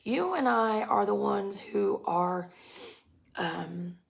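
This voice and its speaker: A woman's voice: medium pitch, slow, vocal fry. God as a slangy cheering buddy, as a woman puts him on. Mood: encouraging. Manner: casual, slangy, encouraging. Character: God as a laid-back, cheering buddy, male.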